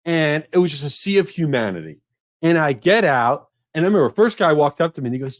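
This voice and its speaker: Man, podcast host, casual storytelling, self-mocking, fairly high voice. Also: quick pace. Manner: animated, self-mocking, rising to a high squeal at punchlines.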